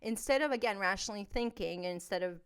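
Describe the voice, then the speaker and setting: Woman podcast host, mid-pitched, blunt, confessional storyteller. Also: fast, smooth. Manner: candid, blunt, emphatic, swings between soft and loud. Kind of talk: personal storytelling monologue.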